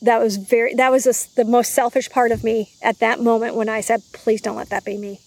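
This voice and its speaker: A woman recounts her story as an interview guest in an animated way and slips into the voices of the people she quotes. Her voice sits a little higher than most. The sound is close and dry, with no room in it. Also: brisk, no room sound. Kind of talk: casual interview chat.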